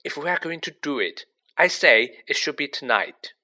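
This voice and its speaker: Man putting on a bossy schoolgirl witch, storybook reading, raised pitch, eager, precise, lively. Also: normal speed. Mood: brisk. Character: bright clever schoolgirl witch, brisk and bossy.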